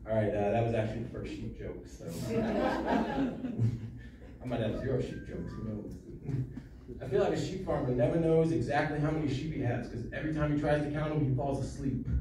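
A man's voice: mid-range voice, animated, fairly quick, long pauses, background noise. A man in his thirties doing a stand-up comedy set, wry and self-deprecating with mumbled asides. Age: 30s. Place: comedy club stage. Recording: echoey club, recorded from far. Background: audience laughter.

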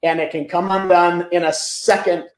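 High-voiced man telling stories animatedly. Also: normal speed. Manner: animated, repeats words as he talks. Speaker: guest. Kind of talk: storytelling in a business interview. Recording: echoey room.

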